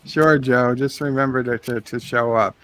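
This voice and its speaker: A man's voice: medium pitch, steady tone, moderate pace, a bit bright. A man hosting a live game stream, chatting casually with friends in voice chat and reading viewer messages aloud.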